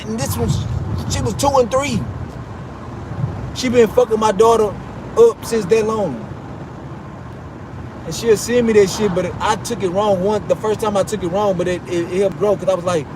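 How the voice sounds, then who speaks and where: High-voiced man ranting over street noise. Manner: rambling, profane, restarts often. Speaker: livestreamer. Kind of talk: casual ranting livestream. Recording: noisy street and traffic.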